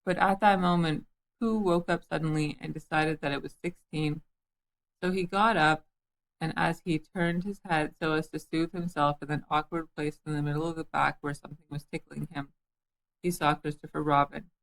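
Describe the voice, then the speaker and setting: A woman reads a children's story aloud, gentle and lightly amused. Her voice sits on the low side for a woman's, calm and even. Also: normal speed, gravelly, rough recording. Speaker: storybook reader. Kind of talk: reading a children's book aloud.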